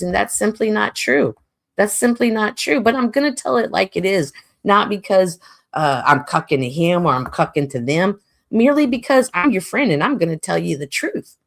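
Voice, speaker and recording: A woman hosting a casual livestream monologue, talking in an expressive, animated way and laughing often. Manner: animated, expressive, laughs often, mimics others in high voices. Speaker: livestream host.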